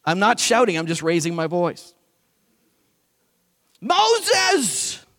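A preacher with a very high, bright voice delivers an animated sermon. He drops to quiet low asides, then climbs into loud, forceful declarations. Long reverb trails every phrase, as in a large church hall. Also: slow pace.

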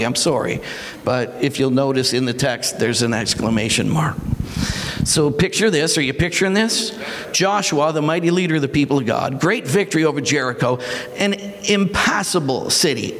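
A man preaching a sermon, animated and dramatic, acting out quotes and shouting at times. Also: fairly high pitch, long reverb tail. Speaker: pastor.

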